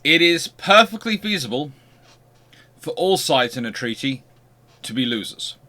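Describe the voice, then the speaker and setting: A man's voice: medium pitch, big pitch swings, measured pace, bright, forceful tone. A man hosting a history channel, giving an unscripted lecture and posing rhetorical questions as he explains.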